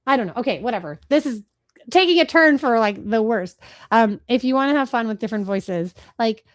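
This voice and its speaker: A woman in her thirties hosting a live marketing webinar from her computer, talking fast and rambling, self-deprecating, now and then trying silly voices. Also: on the high side, animated. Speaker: webinar host, marketing speaker. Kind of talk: casual live webinar talk. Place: home office, talking to a computer.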